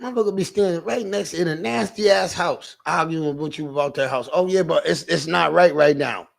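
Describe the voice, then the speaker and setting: A man hosting a livestream, ranting in a casual, animated way, repeating himself and mimicking callers. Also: a little high, fairly quick, gravelly. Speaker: livestream host.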